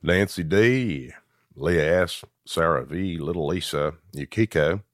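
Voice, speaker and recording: Male podcast host, very low voice, dry close sound, steady name-reading delivery. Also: slow pace, dry recording. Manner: rattles off long name lists in a steady deadpan. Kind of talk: casual chat, reading patron names.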